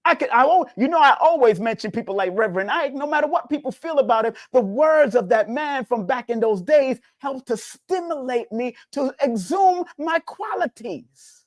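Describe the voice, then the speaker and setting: A man's voice: normal speed, few pauses, dry recording. Guy preaching about numbers, repeats himself a lot, voice jumps up n down, dry close mic. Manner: preachy, repetitive, animated swings in pitch. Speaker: spiritual numerology teacher. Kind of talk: casual spiritual talk.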